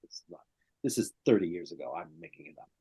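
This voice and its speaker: A man's voice: low voice, sing-song, fast talker, mellow, slightly rough. An older male therapist telling a client story in conversation, often checking in with "right?" and "okay?".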